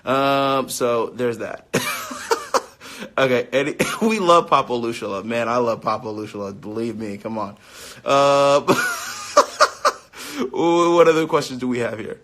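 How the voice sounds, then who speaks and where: A young man in his late twenties talks casually into his phone on a live stream, reading out fan questions. He is upbeat and chatty, laughs easily and fills pauses with ums, at a mid pitch. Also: fairly bright tone. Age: 20s.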